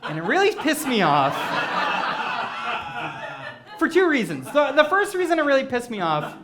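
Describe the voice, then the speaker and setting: Animated self-mocking male comedic storyteller. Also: very high-pitched, moderate pace, long pauses, background noise. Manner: animated, self-mocking, acts out quoted voices. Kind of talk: stand-up storytelling. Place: stage before a live audience.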